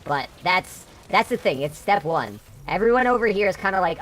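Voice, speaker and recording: A woman's voice: fairly low pitch, sing-song, moderate pace, a bit bright. A woman from upstate New York streaming while gaming, chatting casually and bluntly, swearing freely, through a voice changer.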